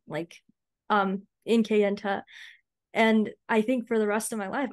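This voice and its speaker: Heartfelt, thoughtful woman author. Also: medium pitch. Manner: thoughtful, heartfelt, filler-heavy. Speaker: author discussing her book. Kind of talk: virtual book launch conversation. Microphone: video call.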